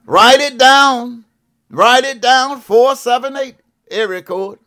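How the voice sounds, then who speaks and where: Old southern prophet guy, pretty high voice, slow and preachy, keeps saying what i'm saying. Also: bright, forceful tone. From Georgia, US. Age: 70s. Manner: preachy, repeats "what I'm saying", calls out "yes ma'am, yes sir". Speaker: televangelist prophet. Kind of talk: fervent televangelist appeal. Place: broadcast studio.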